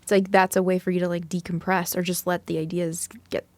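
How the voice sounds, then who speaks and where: A woman's voice: fairly low pitch, level tone, fairly quick, dry recording. A woman co-hosting a podcast, speaking in an encouraging, agreeable and reflective way in casual chat. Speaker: podcast co-host.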